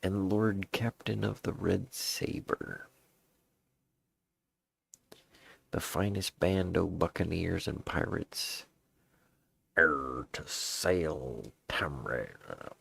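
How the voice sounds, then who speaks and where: A man voicing a boastful old male pirate captain in a put-on Southern drawl, reading a journal aloud with gruff, drawn-out delivery. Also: sits low, a bit bright, dry recording, full character voice. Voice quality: gravelly, drawn-out pirate speech. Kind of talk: dramatic reading of an in-game journal.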